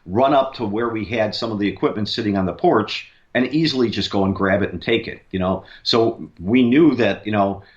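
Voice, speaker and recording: A man's voice: lowish voice, moderate pace, hardly any pauses, muffled recording. A man, a paranormal investigator, tells a long story in a rambling way, with many fillers and restarts. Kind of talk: casual storytelling on a radio interview.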